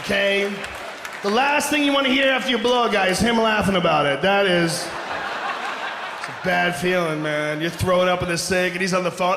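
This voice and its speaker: Male stand-up comic, loud and animated, high voice; live venue with reverb and crowd noise. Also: normal speed. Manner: loud, animated, frequently shouting. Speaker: stand-up comedian. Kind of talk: stand-up comedy set. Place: live comedy stage.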